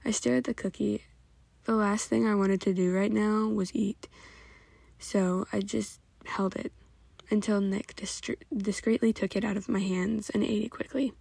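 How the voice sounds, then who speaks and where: A woman's voice: medium pitch, steady tone, a little slow, gravelly, dark tone, husky, dry recording. A woman reading fan fiction aloud in a plain, unpolished way with occasional slips. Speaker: reader.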